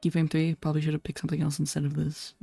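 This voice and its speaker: Low, mellow-voiced woman streamer. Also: monotone, racing, vocal fry, husky, no room sound, soft background music. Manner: blunt, swears, laughs often. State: slightly hoarse. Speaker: VTuber streamer. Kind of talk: casual gameplay commentary.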